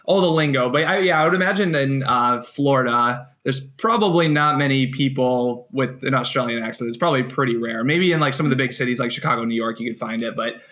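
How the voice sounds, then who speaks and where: A young American man hosting a relaxed podcast, his voice crisp and bright. He talks in halting bursts, restarting his thoughts and leaning on casual filler words. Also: mid-range voice. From USA. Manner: hesitant, restarts, lots of "like". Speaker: podcast host. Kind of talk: casual chat.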